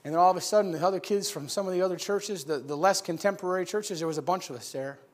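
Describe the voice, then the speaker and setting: A preacher from upstate New York delivers a sermon through dramatic storytelling, his high-pitched voice racing along. Bold and emphatic, he drops to hushed tones and then shouts.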